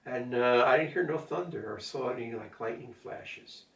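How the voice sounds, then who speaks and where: A man's voice: mid-range voice, normal speed, fairly bright tone. An older man talking casually at home in a rambling monologue, with lots of fillers and asides to his cat. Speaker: vlogger. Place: at home during a power outage. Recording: roomy echo, mic at a distance.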